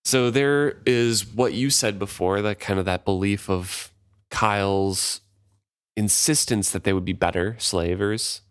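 Male podcast co-host, low voice, dry close mic, casual reader. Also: unhurried, clean tone, no room sound. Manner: relaxed, thinks aloud with restarts. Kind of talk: casual book discussion and read-aloud.

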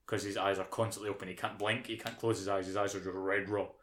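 A man's voice: on the low side, fast, slight background noise. Sweary british man ranting casually. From United Kingdom. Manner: sweary, animated ranting, mocking impressions. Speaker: podcast co-host. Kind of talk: casual chat.

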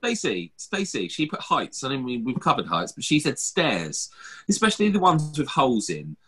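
A man's voice: mid-range voice, wildly swooping pitch, moderate pace, pushed and bright, slightly rough. A man hosting a podcast, chatting casually and rambling with lots of fillers and restarts. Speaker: podcast host. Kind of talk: casual chat.

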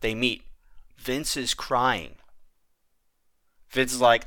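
A man co-hosting a podcast, telling a long story in a casual, animated way with frequent restarts. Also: medium pitch, very slow, long pauses, no room sound, clean studio sound. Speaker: podcast co-host.

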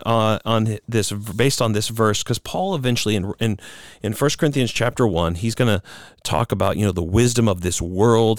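A male pastor preaching a sermon in a lowish voice, alternating between reading passages aloud and explaining them earnestly. He often restarts his sentences as he speaks off the cuff. The sound is close and dry, with no room echo.

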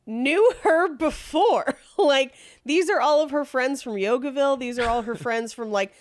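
A woman's voice: sits high, no echo, studio quality. A woman hosting a podcast, casually telling a true-crime story in a chatty way and laughing often. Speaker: podcast host.

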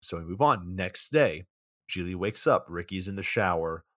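A man's voice: low-pitched, animated, moderate pace, a bit bright, dry recording, studio quality. A man co-hosting a podcast, casually recapping a bad movie in a rambling, profane way full of "like". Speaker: podcast co-host.

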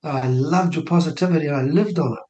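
A man in his sixties with a New Zealand accent, telling personal stories as a guest and acting out quoted dialogue in a lively voice. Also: on the high side, fast, highs cut off. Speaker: interview guest, minor party co-leader. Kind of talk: animated personal storytelling. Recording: roomy studio echo.

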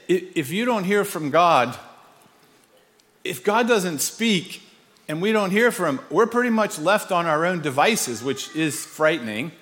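A man's voice: on the high side, fairly bright tone, in a large hall. A man preaching a sermon in a church, talking in a casual, conversational way with frequent restarts. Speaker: pastor. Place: church sanctuary.

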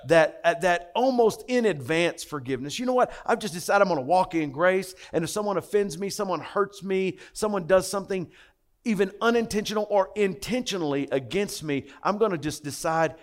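Male pastor, emphatic, impassioned sermon delivery, slightly high pitch. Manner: impassioned, emphatic preaching with repetitions.

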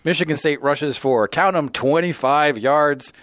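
A man's voice: fairly high pitch, a little slow, fairly bright tone, no echo. A man co-hosting a casual sports talk show, running through game results with wry asides. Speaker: podcast co-host.

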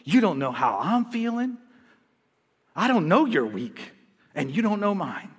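Male pastor, lively and exhorting, fairly high voice, church reverb. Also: unhurried, slightly rough. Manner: energetic, exhorting, joking with the congregation. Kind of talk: sermon. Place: church sanctuary.

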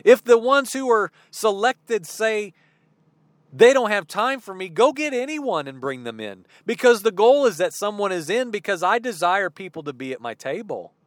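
A man preaching a sermon, telling a story slowly and dramatically and acting out the dialogue. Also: sits high, very animated, dry recording.

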